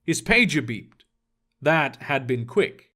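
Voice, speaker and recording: A man narrating a fantasy story in a steady, descriptive storytelling manner. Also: mid-range voice, slow. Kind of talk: audiobook storytelling.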